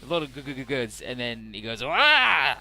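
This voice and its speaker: A man's voice: medium pitch, quick pace, fairly bright tone. A man giving casual, irreverent let's play commentary, swearing and stumbling over odd names. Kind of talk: casual game commentary, reading dialogue aloud. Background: faint game music.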